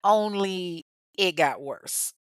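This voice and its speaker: Brief: woman storyteller, low-set voice, dry close sound, blunt and sarcastic asides. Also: expressive, slow pace, clear, resonant tone, no echo. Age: adult parent. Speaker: true crime storyteller. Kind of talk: casual storytelling commentary.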